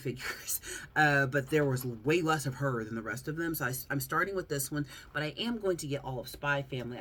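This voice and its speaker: A woman with a Southern accent, talking casually on her vlog about her figure collection, chatty, prone to rants and quick to laugh. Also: deep voice, fairly bright tone, breathy edge. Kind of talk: casual chat.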